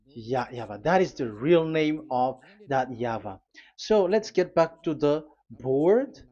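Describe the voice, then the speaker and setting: Teaching at a board, a man preaches slowly and deliberately in a fairly high, expressive, mellow voice. He pauses often, fills gaps with fillers and restarts, and spells out letters one by one, on dull, lo-fi audio.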